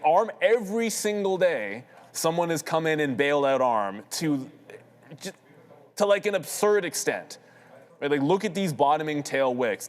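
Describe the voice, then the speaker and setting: Casual man calling live trades, echoey room. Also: fairly high pitch. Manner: quick, casual, thinks aloud with restarts. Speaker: day trader co-host. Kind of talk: live market commentary. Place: trading floor studio.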